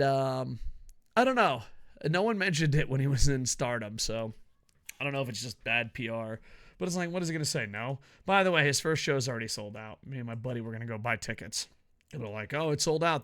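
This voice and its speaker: A man reviewing a wrestling event in a casual, profane rant, joking at his own expense and often breaking into yells. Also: medium pitch. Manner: profane, ranting, bursts into yelling; jokey, laughs at own rants.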